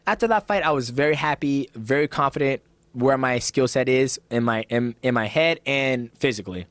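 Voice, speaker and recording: Animated fighter telling stories, dry sound. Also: male voice, medium pitch, moderate pace, no echo. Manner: animated storyteller, acts out voices of others, swears freely. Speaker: professional fighter, guest. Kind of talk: casual podcast conversation. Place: podcast studio.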